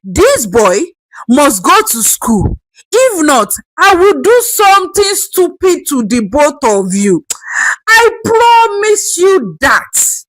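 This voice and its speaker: A woman voicing a fierce older grandmother who scolds loudly. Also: sits high, sing-song, takes it slowly, no room sound, voice pushed up, heavily acted, poor audio. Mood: scolding. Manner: scolding, shouting, emphatic.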